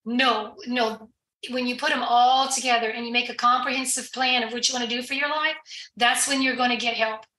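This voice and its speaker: A woman with a bright, slightly high voice explains things earnestly, pausing on fillers and restarting her sentences. She talks in an easy conversational way. The room adds a noticeable echo. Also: fairly even intonation. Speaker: guest addiction recovery professional. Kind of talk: conversational podcast interview.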